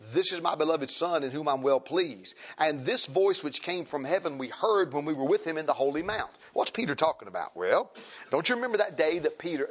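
A preacher delivers a sermon, driving points home by repeating them and reading King James scripture aloud. His voice sits a little high for a man. The recording is muffled and lo-fi. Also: slightly rough. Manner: emphatic, repeats phrases, exhorting.

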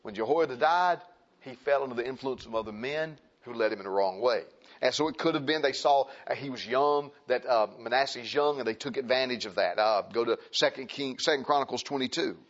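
A man's voice: medium pitch, fairly quick. A man preaching a sermon to a congregation, reading scripture aloud and repeating phrases for emphasis in a conversational way. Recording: slightly muffled recording.

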